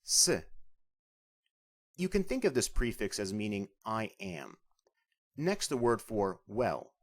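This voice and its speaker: A man narrates a scripted beginner language lesson. He explains each point clearly and patiently. His pitch moves widely and his tone stays lively as he guides the learner. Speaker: language instructor.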